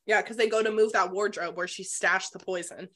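A woman co-hosts a relaxed book-club podcast with a middle-pitched voice. She retells the plot in an animated way and swears freely. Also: fairly quick. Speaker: podcast co-host. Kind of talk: casual book-club chat.

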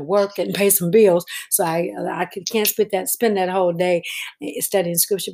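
A woman co-hosting a casual spiritual podcast, earnestly explaining scripture in steady, flowing runs. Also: mid-range voice. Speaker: podcast co-host.

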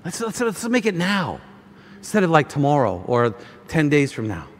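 A man preaching a sermon in a church, animated, acting out complaints in quoted voices, tearful at times. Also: fairly high pitch, normal speed, a little hiss or hum. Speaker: pastor. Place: church hall. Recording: hall reverb.

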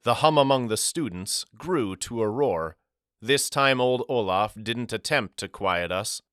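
A man reading a novel aloud as a narrator, in a measured, reflective storytelling manner. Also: medium pitch, expressive, a bit bright, no room sound, clean studio sound. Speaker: audiobook narrator. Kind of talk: scripted first-person narration.

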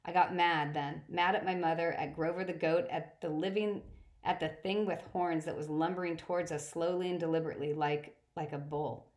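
A woman reading a first-person story aloud, steady, with occasional slips and restarts. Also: sits low, normal speed. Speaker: audiobook reader.

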